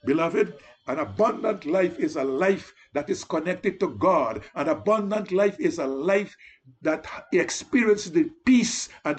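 Male preacher, high husky voice, pleading sermon delivery. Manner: pleading, repeats "beloved" often. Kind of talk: evangelistic sermon.

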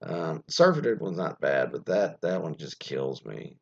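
A man's voice: a bass voice, very animated, unhurried, vocal fry, darkish tone, slightly rough. A man hosting an online radio show, chatting casually and rambling through an article with fillers, asides and the odd curse. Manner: rambling, many fillers and trailing asides, mildly profane. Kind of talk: casual solo talk, reading an article aloud with comments. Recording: lo-fi muffled sound.

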